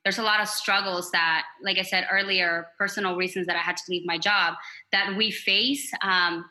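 A woman's voice: on the low side, steady tone, normal speed, bright, forceful tone, poor audio. A young woman as a podcast guest, speaking candidly and from the heart, with many fillers. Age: young adult. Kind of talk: casual podcast chat.

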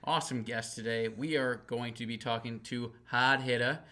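A man's voice: medium pitch, steady tone, normal speed, fairly bright tone, slight background noise. A man co-hosting a casual podcast, teasing his co-host with hammy, mock-grand introductions. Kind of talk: playful podcast banter.

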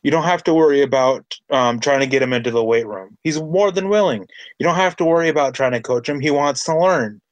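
Excited man hosting a sports podcast. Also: medium pitch, a little fast, hardly any pauses, dry recording, dull audio. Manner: enthusiastic, builds up with repeated phrases. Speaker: podcast host. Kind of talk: casual sports podcast chat.

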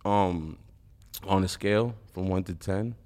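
A man's voice: low voice, measured pace, darkish tone. A young man chatting casually as a guest, laid-back and joking. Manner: laid-back, joking, says "you know" a lot. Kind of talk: casual interview chat.

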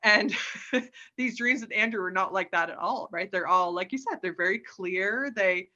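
A woman's voice: mid-range voice, normal speed, bright, forceful tone, muffled recording. A woman guest telling stories in a casual, chatty way, often adding "like" and "right?" and laughing. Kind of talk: casual storytelling.

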